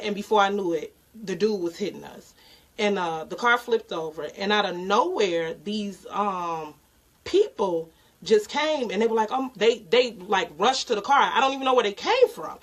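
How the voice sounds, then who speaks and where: A young woman telling a personal story in a casual, halting way with many pauses. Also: medium pitch, lively intonation, low-quality recording. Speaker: podcast co-host.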